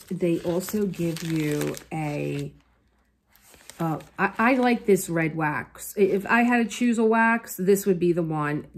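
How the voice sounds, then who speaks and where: A woman hosting a casual unboxing vlog at home, gushing and softly exclaiming as she talks into a phone on a tripod. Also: fairly low pitch. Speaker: crafting channel host.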